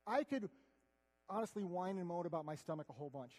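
A man giving an earnest, conversational sermon, swinging between loud declarations and hushed asides. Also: high-pitched, lively intonation, fast. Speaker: preacher. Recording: long hall reverb.

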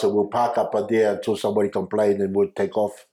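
A man's voice: fairly low pitch, level tone, dark tone. Older New man telling his story. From New Zealand. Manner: halting, many restarts, chuckling often. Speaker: interview guest. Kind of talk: personal storytelling. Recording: echoey room.

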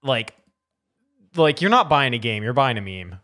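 A man's voice: medium pitch, sing-song, moderate pace, pushed and bright. A man co-hosting a gaming podcast in casual chat, rambling with lots of fillers and laughs. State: out of breath. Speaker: podcast co-host.

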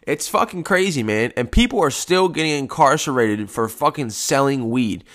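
A man rambles through a casual podcast from home, swearing freely in a laid-back way. His voice is a little congested from post-nasal drip. His pitch sits in an ordinary middle range. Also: lively intonation, moderate pace, a bit bright. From United States. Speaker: podcast host. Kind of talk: casual solo podcast chat.

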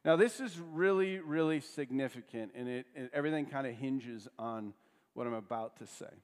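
A man's voice: mid-range voice, moderate pace. Male pastor, conversational sermon delivery with rhetorical questions, reverberant hall sound.

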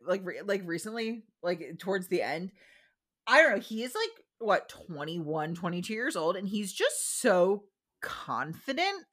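A woman's voice: medium pitch, very animated, measured pace, a bit bright. A woman co-hosting a casual podcast, talking in a conversational, opinionated way with lots of fillers. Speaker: podcast co-host. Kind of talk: casual chat recapping a reality show.

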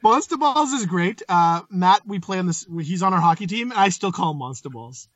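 High-voiced laughing podcast co-host man. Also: lively intonation, brisk, no echo, dull audio. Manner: laughing, blunt and profane. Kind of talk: casual podcast chat.

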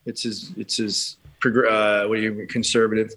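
A man from rural America, chatting as a guest on a podcast and often pausing with restarts. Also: lowish voice, little pitch movement, fairly bright tone, breathy edge. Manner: halting, many restarts and fillers. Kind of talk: casual chat.

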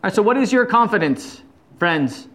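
A man's voice: sits high, animated, normal speed, fairly bright tone. A middle-aged man leading an informal Bible study, talkative, tossing out rhetorical questions, stammering and chuckling as he goes. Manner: talkative, asks rhetorical questions, frequent "right?"; stammers and restarts, chuckles often.

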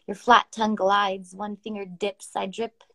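A woman's voice: medium pitch, flat delivery, unhurried, vocal fry, bright, forceful tone. Swearing young woman co-host reading poems. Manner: laughs often, swears casually, reads poems aloud. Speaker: podcast co-host. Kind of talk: casual chat and poetry reading.

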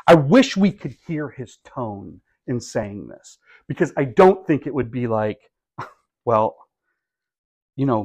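A middle-aged pastor delivers a sermon in a mid-range voice. His tone is conversational and wry, broken up by bursts of animated emphasis.

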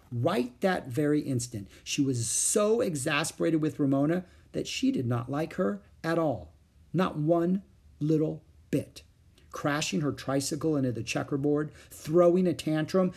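A man reads a children's story aloud, expressive and animated. His voice is husky and his pitch swings widely through the narration. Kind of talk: reading a children's book aloud.

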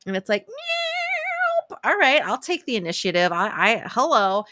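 A woman's voice: medium pitch, very animated, fairly quick, pushed and bright, no room sound, studio quality. A woman giving brash, profane self-help advice in a casual monologue, laughing often and quoting others in a playful sing-song.

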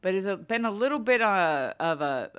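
A woman in her thirties chats on a podcast, telling a family story. Her pitch swoops up and down a lot, and she drops into her children's voices as she goes. She talks at an easy, casual clip. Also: moderate pace, clean tone. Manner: animated storytelling, acts out her kids' voices. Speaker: podcast co-host. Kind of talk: casual chat.

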